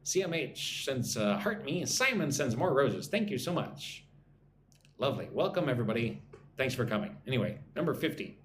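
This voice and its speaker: A man's voice: mid-range voice, big pitch swings, normal speed, a bit bright, a little hiss or hum. A man teaching an English lesson on a live stream, sounding out words syllable by syllable, repeating phrases and greeting viewers in the chat.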